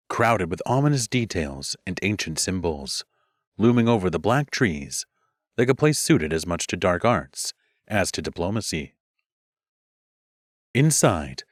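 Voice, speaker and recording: A man's voice: deep voice, no echo, clean studio sound. A man narrating a fantasy audiobook with a wry, sardonic delivery. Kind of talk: scripted narration.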